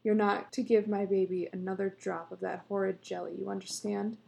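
A woman's voice: mid-range voice, flat delivery, brisk, vocal fry, dark tone. A woman voicing an anxious, protective wife and mother in a read-aloud story, insistent and scolding. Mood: alarmed.

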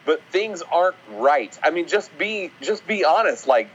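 A man's voice: on the high side, expressive, moderate pace, fairly bright tone, husky, lo-fi sound. A man co-hosting a casual podcast, ranting in a sarcastic, opinionated way. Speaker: podcast co-host.

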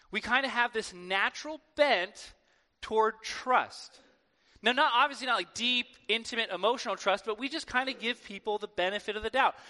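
High, bright male preacher in a hall. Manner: animated, conversational, acts out quoted voices. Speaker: pastor. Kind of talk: sermon. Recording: long hall reverb.

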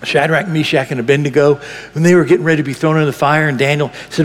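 A man preaching a sermon as pastor, impassioned, swinging between loud bursts and hushed lines. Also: a little high, moderate pace, in a large hall.

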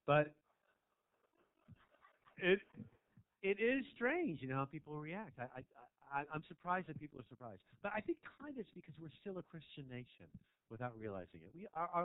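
A man doing a stand-up set in a small club, teasing the crowd, swinging between low mutters and loud shouts. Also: very animated, moderate pace, no echo. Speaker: stand-up comedian. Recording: dry, tinny phone-like sound.

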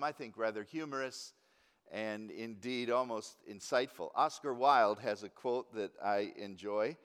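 A male preacher teaching in an easygoing, wry way, with chuckles at his own points. His delivery is slow and his pitch swings widely. The recording carries a long, hall-like reverb. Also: a bit bright, clean tone. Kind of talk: teaching sermon.

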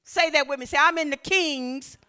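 A woman preacher delivering a sermon with call-and-response, slipping into sing-song scripture reading and building to shouts. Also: sits high, moderate pace.

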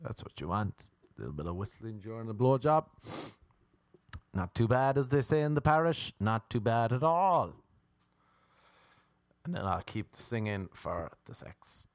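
A man telling a crude comic story as a podcast host, rambling and breaking into high shrieks. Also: no echo, studio quality.

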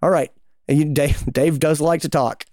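A man's voice: fairly high pitch, fairly even intonation, moderate pace, a little mellow, dry recording, clean studio sound. A man co-hosting a podcast, talking casually and spinning little hypothetical stories to make his point. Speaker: podcast co-host. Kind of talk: casual advice chat.

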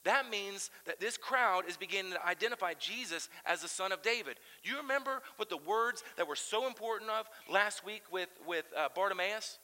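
A man preaching a sermon as pastor, animated and swinging between loud emphasis and quiet intensity. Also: high voice, moderate pace, hardly any pauses, in a large hall, low-quality recording. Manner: animated preaching, chanting crowd shouts aloud.

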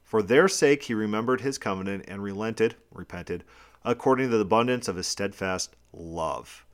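A man's voice: fairly low pitch, normal speed. A man teaching a podcast Bible study, reading scripture passages aloud and then explaining them plainly.

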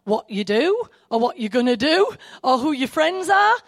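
An excitable woman preacher, her high voice swooping up and down as she breaks off into asides. The sound is dry and close. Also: moderate pace, no room sound. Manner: animated, excitable, self-interrupting with asides. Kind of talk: sermon.

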